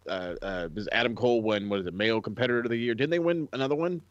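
A man's voice: medium pitch, rapid-fire, no room sound. Profane podcast man, dull lo-fi audio. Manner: profane, animated, mimics people. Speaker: podcast co-host. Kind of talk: casual wrestling chat. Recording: dull lo-fi sound.

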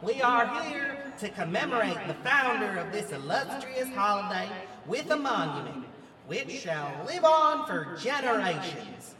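Guy doing a pompous mayor, high and bouncy, echoey from far off. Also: sing-song, a little slow, bright, forceful tone, full character voice. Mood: grandiose. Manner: grandiose and orating. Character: pompous small-town male mayor.

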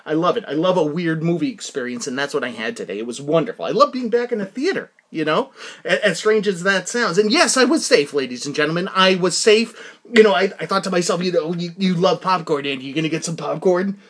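Male host, high voice with a lively, swooping delivery; excitable, rambling, a little breathless. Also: a little fast. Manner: excitable, rambling, breaks into laughter. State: slightly out of breath. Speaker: podcast host reviewing a film. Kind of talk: casual monologue.

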